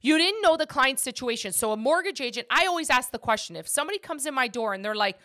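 A woman's voice: high-pitched, expressive, quick pace, few pauses, fairly bright tone. A woman who works as a mortgage agent and hosts a podcast, talking casually and emphatically about her work.

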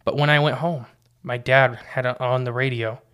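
A man's voice: mid-range voice, steady tone, moderate pace, fairly bright tone, clear, resonant tone. A man co-hosting a casual podcast, reading quotes from his notes and often restarting his sentences. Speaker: podcast co-host.

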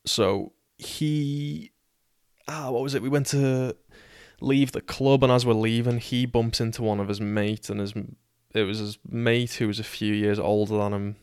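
A man's voice: mid-range voice, steady tone, a little slow, a little mellow, smooth, no echo, clean studio sound. A man in his twenties with a British accent, telling a personal story casually, sweary and self-deprecating. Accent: British English. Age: 20s.

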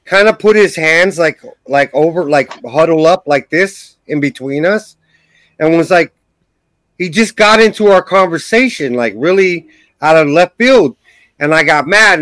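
High-voiced rambling man telling a story. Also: animated, unhurried, fairly bright tone, no echo, rough recording. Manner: rambling, profane, heavy on "like" fillers. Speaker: podcast host. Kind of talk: casual storytelling.

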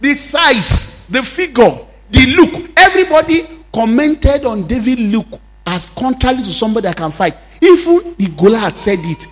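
A man with a Nigerian accent preaching a sermon in a high voice. He acts out the Bible dialogue as he tells it and calls out to the congregation for responses. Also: big pitch swings, normal speed, fairly bright tone. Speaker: pastor.

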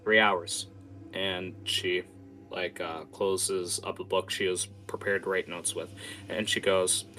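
A man narrating as game master of a tabletop game, casual and halting with lots of fillers. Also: sits low, level tone, sharp tone, faint music behind.

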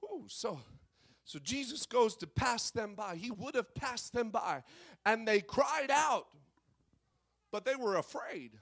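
Male preacher, very high pitch, fiery sermon delivery with sung, shouted climaxes and soft asides, lots of "uh" fillers. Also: animated, slow, vocal fry. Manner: impassioned, swinging from shouted sing-song to hushed tones; frequent "uh" fillers.

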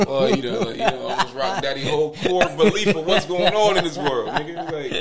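Gravelly young man telling animated stories. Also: fairly high pitch, a little fast, a loud crowd. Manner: animated, profane storytelling with laughter. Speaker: podcast guest, father of twins. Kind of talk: casual podcast storytelling.

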